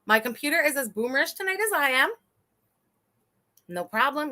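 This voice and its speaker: Woman streamer, casual commentary, slightly high and bright, laughs and curses a lot. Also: lively intonation, normal speed. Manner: chatty, laughs often, swears freely, talks to chat. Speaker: live-stream host.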